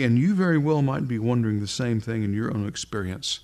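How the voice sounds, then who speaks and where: A man's voice: medium pitch, brisk, hardly any pauses, a little mellow. An earnest male preacher delivering a sermon. He leans on repeated rhetorical questions, pressing each point home with emphasis.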